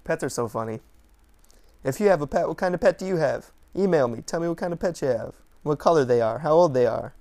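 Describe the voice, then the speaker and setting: A man's voice: on the high side, expressive, fast, darkish tone. A man hosting a podcast, telling stories in a chatty, rambling way with lots of fillers and restarts. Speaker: podcast host. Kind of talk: casual storytelling monologue. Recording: distant mic with faint background noise.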